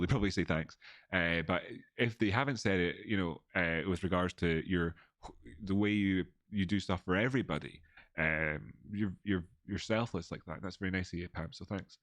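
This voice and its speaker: A Scottish livestream host with an Edinburgh accent rambles casually, restarting often as he thanks viewers and reads out donor messages. His voice is low with a fairly bright tone, and there's no room sound.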